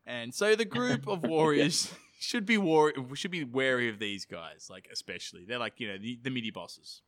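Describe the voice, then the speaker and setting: A man on a podcast, talking loosely and cracking jokes as he retells a legend. His voice is bright and forward, his pitch swinging widely, and the sound is dry and close to the mic. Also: normal speed, dry recording. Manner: animated, swearing, laughing, reads quotes aloud. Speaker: podcast co-host, storyteller. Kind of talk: casual comedic chat retelling a legend.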